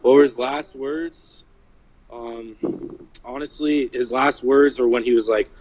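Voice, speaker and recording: A man telling what he witnessed in a casual livestream, halting and full of "like" and "you know". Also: mid-range voice, fairly even intonation, darkish tone, dull audio. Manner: halting, filler-heavy, many "like" and "you know". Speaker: eyewitness recounting an event. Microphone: phone.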